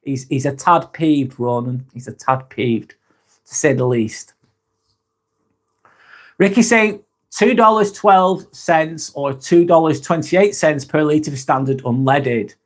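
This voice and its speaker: Man, livestream host, casual chat, slightly raised pitch, laid-back, swears freely, reads comments aloud. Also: slow pace.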